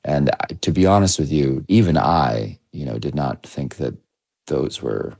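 Very deep gravelly man, dry sound. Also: a little mellow, no echo. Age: 30s. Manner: measured, with many restarts and hedging fillers. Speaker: documentary filmmaker, interview guest. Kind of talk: reflective interview answers.

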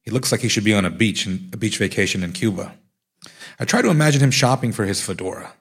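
A man's voice: lowish voice, lively intonation, quick pace, a bit bright, husky. A man, an author, reading his own nonfiction aloud in a dry, wry storytelling way.

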